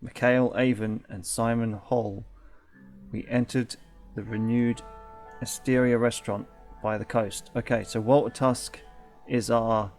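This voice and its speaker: A man hosts a let's play in a mid-pitched voice, reading out game text and chatting. He stumbles, corrects himself and laughs easily, with faint music underneath. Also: little pitch movement, measured pace, a little mellow.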